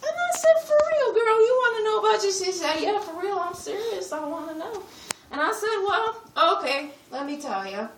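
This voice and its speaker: Comic character: a woman doing a sassy, churchgoing young woman with a high, sharp voice and heavy slang, recorded in an echoey room from a distance. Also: wildly swooping pitch, normal speed, few pauses, a little hiss or hum. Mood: gossipy storytelling. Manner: sassy, exaggerated street slang. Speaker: skit performer. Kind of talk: live comedy skit monologue. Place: retreat meeting room.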